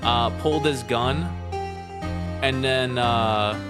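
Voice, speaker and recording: Streamer with tiring voice, chatty aside, loud game music behind. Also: male voice, mid-range voice, slow. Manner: casual asides, hesitant. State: losing his voice. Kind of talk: reading a game aloud.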